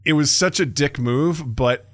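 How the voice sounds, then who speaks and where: A man co-hosting a comedy podcast, telling a story in a casual, animated way and laughing often. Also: a little high, unhurried. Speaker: podcast co-host.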